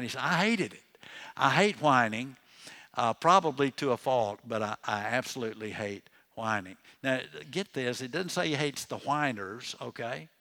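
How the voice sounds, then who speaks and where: A man's voice: mid-range voice, a bit bright. An older man preaches in an easy, conversational way from a church pulpit, his voice sitting in a middle range. He repeats himself, restarts his sentences, and checks in with his listeners as he goes. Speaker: pastor. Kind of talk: sermon.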